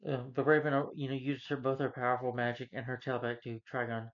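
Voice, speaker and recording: A man's voice: medium pitch, flat delivery, quick pace. Rambling man recapping a movie, lo-fi. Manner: rambling, frequent "you know" fillers. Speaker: movie reviewer. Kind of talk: casual plot recap. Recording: dull lo-fi recording.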